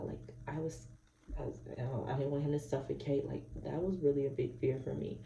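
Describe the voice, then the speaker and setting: A woman's voice: low-pitched, a little fast, creaky, recorded from a distance, noisy background. A young woman, a mother, talking to camera in a blunt, outspoken, candid way. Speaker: mom vlogger giving advice. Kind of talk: candid casual monologue. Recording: roomy echo, voice off-mic.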